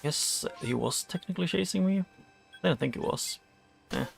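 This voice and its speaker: A man's voice: on the high side, lively intonation, normal speed, gravelly, soft background music. A man streaming a video game, chatting casually and reading the game's dialogue aloud. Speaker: gaming streamer. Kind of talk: casual let's-play commentary.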